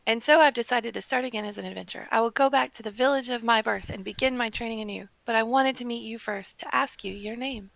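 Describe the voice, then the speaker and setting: A woman's voice: a little high, quick pace, vocal fry, hardly any pauses, a bit bright, no room sound, poor audio. A woman streamer voicing a timid, earnest young woman adventurer from a game in a light put-on Southern accent. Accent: Southern American, put on. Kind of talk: reading game dialogue aloud on stream.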